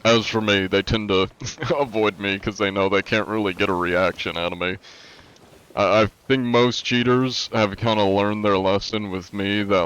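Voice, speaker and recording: A man's voice: fairly low pitch, fairly even intonation, moderate pace, fairly bright tone, smooth, rough recording. A young man streaming live, chatting casually and answering chat with a laid-back, rambling manner, his nose congested from allergies.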